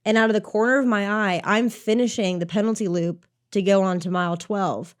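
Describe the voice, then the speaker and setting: A young adult woman, a racer and coach, telling an animated race story in casual podcast chat, swearing freely and saying "like" a lot. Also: medium pitch, a little fast. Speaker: obstacle course racer and coach.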